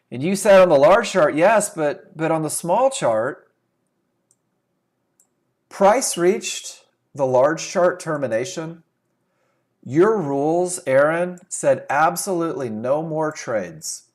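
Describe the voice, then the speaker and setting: A man teaches a live trading webinar in a lively, swooping voice that sits a little high. He talks emphatically, asks his listeners questions and then answers them himself. He sounds like he is speaking into a computer microphone. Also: takes it slowly. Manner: emphatic, rhetorical questions, repeats key phrases. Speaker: trading instructor.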